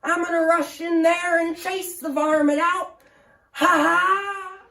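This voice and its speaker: A crotchety hundred-year-old man, high and quavering, easily offended and forever looping back into the same rambling tale. His old-timer twang drawls out slowly, caught from a distance in a roomy, echoing space. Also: flat delivery, pushed and bright, heavily acted.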